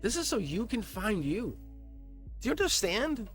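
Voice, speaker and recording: Hyped up tarot guy talking to his viewers, kinda high voice bouncing all over, laughing, repeating stuff, bit teary, quiet music behind. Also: normal speed. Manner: excitable, emphatic, laughs often, repeats himself. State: emotional, near tears. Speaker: tarot reader. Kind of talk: emotional tarot reading to camera. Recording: soft music playing behind.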